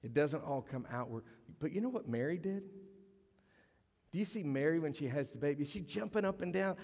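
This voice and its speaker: Animated preacher in an echoing hall. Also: male voice, on the high side, moderate pace, pauses often. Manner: animated storytelling, acts out quoted voices. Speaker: pastor. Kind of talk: sermon. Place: church sanctuary.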